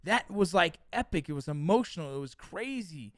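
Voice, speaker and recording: Middle-aged guy chatting on his stream, cursing a lot, slightly high voice, dry close sound. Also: moderate pace, dry recording. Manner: profane, animated storytelling. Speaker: livestream host reading chat. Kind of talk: casual livestream chat.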